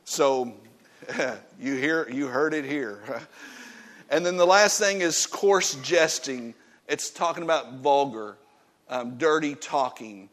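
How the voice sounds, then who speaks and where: A man preaching a sermon in a church, emphatic and folksy, swinging from loud points to hushed warnings. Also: mid-range voice, expressive, slow. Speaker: pastor.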